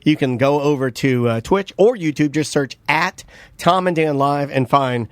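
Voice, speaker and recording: High-voiced joking radio co-host man. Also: no room sound. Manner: joking, quick to riff and do silly voices. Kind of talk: casual radio banter. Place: radio studio.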